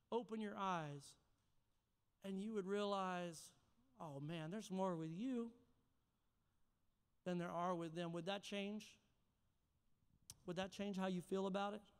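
Pastor guy preaching all fired up, high clear voice, echoey church. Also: a bit bright. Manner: passionate, dramatic shifts, rhetorical questions. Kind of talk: sermon. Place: church sanctuary.

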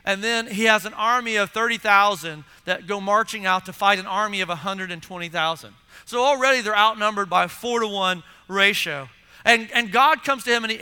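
A man's voice: sits high, clear, resonant tone. A man preaching a sermon in a church and acting out the voices of onlookers. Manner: animated preaching, acts out voices of listeners. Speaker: pastor. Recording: long hall reverb.

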